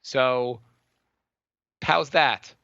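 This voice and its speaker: Rambling bright-voiced podcast guy. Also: medium pitch, extremely slow, gravelly, dry recording. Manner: rambling, animated, many restarts and stammers. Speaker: podcast co-host. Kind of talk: casual chat. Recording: dull lo-fi dry sound.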